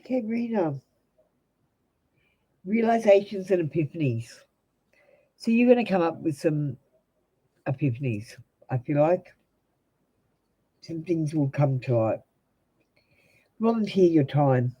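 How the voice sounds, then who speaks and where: A woman's voice: low voice, expressive, unhurried, long pauses, warm tone, breathy edge, rough recording. An Australian woman giving blunt, direct tarot readings to viewers on a live stream. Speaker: tarot reader.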